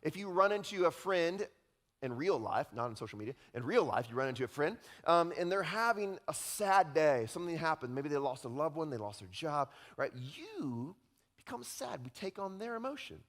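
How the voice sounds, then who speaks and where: Male pastor, slightly high voice, animated and conversational sermon delivery. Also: moderate pace. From Utah. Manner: conversational, animated, often tags lines with "right?".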